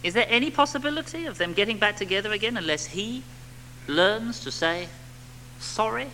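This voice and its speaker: A man preaching a sermon to a congregation, animated, with rhetorical tag questions and little acted-out quotes. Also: high voice, moderate pace, slight background noise, poor audio.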